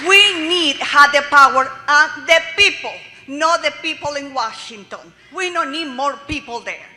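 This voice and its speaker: Impassioned Colombian woman, high bright voice. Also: unhurried. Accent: Colombian Spanish. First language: Spanish. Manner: fervent, broken English. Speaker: public commenter. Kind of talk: impassioned public testimony. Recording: echoey hearing room with faint hiss.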